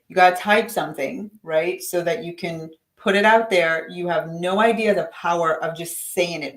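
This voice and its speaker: A woman leading a live-stream coaching session, upbeat and encouraging, chatting to viewers by name. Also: on the low side. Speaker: livestream coach. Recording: roomy echo.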